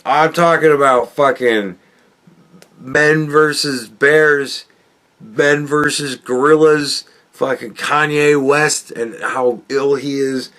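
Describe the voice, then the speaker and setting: A man's voice: medium pitch, fairly even intonation, slow pace, a bit bright. A man hosting a podcast, ranting casually with rambling, profane asides and frequent chuckles. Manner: rambling, swearing, chuckling often. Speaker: podcast host.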